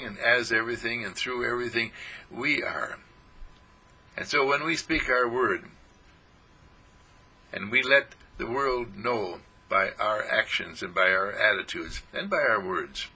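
Man, spiritual teacher, lively rising and falling pitch, gravelly edge, soothing repeated affirmations. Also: rough recording. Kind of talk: inspirational spiritual talk.

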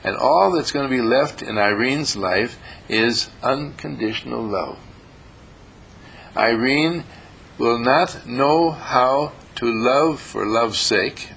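A man giving a spiritual teaching talk in a slow, emphatic and repetitive way. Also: medium pitch, gravelly, a bit bright, slight background noise, rough recording.

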